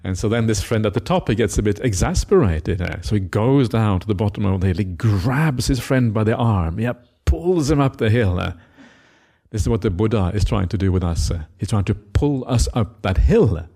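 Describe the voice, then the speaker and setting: A monk giving a Buddhist dharma talk, retelling a scripture story with many "uh" fillers and acted-out quotes. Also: male voice, lowish voice, lively intonation, normal speed, mellow, breathy edge.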